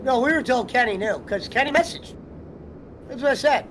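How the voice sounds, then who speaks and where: A man's voice: very high voice, lively intonation, a little fast, fairly bright tone, slight background noise, rough recording. A man hosting a live stream, chatting casually and telling rambling, profane stories. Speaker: streamer host. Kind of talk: casual chat.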